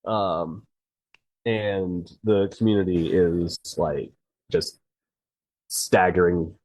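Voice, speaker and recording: A man's voice: sits low, fairly even intonation, drawn-out words, darkish tone, no echo, poor audio. A man who writes fiction, a guest on a podcast, talking in a rambling way with many fillers. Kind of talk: casual interview chat.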